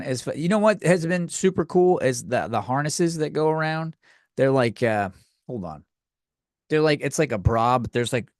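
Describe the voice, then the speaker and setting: Crude rambling American podcast host. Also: male voice, mid-range voice, no echo, studio quality. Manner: crude, rambling, self-mocking. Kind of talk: casual comedic rant.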